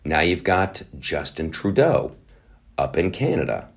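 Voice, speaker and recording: A man hosting a podcast, ranting in sarcastic, animated commentary with swearing and quick mock voices. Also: deep voice. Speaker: podcast host.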